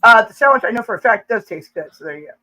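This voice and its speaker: A woman's voice: fairly high pitch, lively intonation, fast talker, sharp tone, low-quality recording. A woman hosting a casual live chat, joking and teasing, laughing often between lines. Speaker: livestream host.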